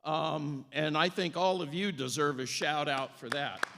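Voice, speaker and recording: A man's voice: fairly high pitch, measured pace, creaky, very noisy. A man who is a city mayor, giving a short, folksy, upbeat speech with frequent fillers and restarts.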